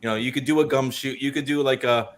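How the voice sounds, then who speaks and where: A tabletop game's creator talks about his game on a relaxed convention panel, his medium-pitched voice steady and quick. Chatty and prone to restarts, he coughs repeatedly and sounds a little choked up.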